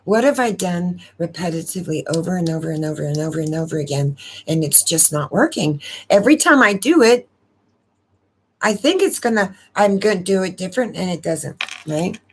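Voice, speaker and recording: A woman's voice: on the low side, expressive, fairly quick, slight background noise. A woman hosting a casual live stream, talking in a rambling, emotional way and repeating words as she goes. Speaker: astrology channel host.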